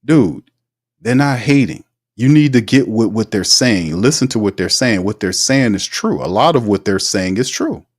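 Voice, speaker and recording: A man hosting a casual live sports talk show, reading out viewer comments in an animated, slangy way and laughing often. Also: on the low side, normal speed.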